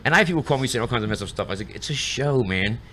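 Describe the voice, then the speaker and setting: A man's voice: medium pitch, lively intonation, racing, bright, forceful tone, a little hiss or hum. A middle-aged man, a guest in casual chat, telling rambling stories and acting out what people said. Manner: rambling storyteller acting out quotes.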